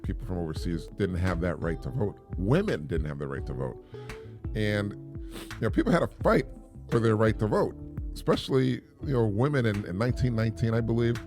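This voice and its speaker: A man's voice: lowish voice, very animated, a little fast, over music. A middle-aged man hosts a podcast, talking casually in a rambling way with many restarts and repeated words. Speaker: podcast host. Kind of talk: casual monologue.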